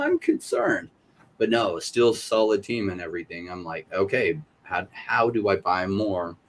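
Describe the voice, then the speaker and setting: Animated middle-aged man, low voice. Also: a little hiss or hum. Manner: animated storyteller acting out other people's lines in quoted voices. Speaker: podcast panelist. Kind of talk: casual podcast chat.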